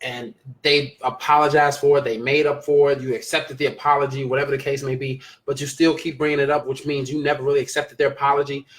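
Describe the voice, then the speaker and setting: A man's voice: medium pitch, level tone, fast, few pauses. Emphatic man hosting a live stream. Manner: emphatic, repeats phrases for stress. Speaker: live show host reading viewer comments. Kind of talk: casual live-stream talk.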